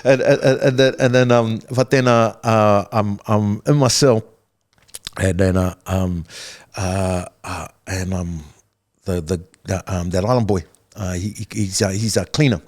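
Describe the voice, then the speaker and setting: Low-voiced New Zealand man telling stories. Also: steady tone, moderate pace. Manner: repeats words and restarts often, peppered with bro and man. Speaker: podcast guest. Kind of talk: casual storytelling interview.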